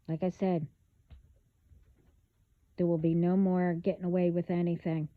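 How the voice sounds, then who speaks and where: A woman talking bluntly in a casual spiritual vlog, halting, with many fillers and restarts. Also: fairly low pitch, little pitch movement, no echo. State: hiccups. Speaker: vlogger. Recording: phone-like band-limited audio.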